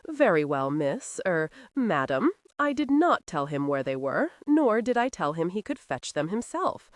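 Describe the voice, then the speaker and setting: A woman's voice: fairly low pitch, very animated, a little slow, no room sound, clean studio sound. A woman voicing a fussy, very old male housekeeper who speaks in a prim, reproachful, formal way in an audiobook.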